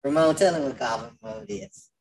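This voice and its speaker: A man's voice: fairly high pitch, very animated, normal speed, vocal fry, far from the mic, low-quality recording. A man hosting a casual podcast, joking and teasing, often restarting his sentences. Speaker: podcast host.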